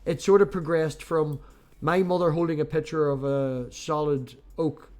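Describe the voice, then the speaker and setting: A man's voice: on the high side, moderate pace. Joking man hosting a call. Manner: joking, swearing, animated storyteller. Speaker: podcast host. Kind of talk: casual chat on a video stream.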